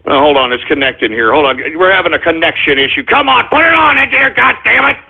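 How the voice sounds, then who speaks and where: A man hosting a political talk radio show, ranting angrily with profanity, shouting in bursts and calling his listeners folks. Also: sits high, expressive, fast, creaky, slightly rough. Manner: addresses listeners as folks and gives orders to the engineer. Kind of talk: angry political call-in radio rant. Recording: tinny phone-like lo-fi audio.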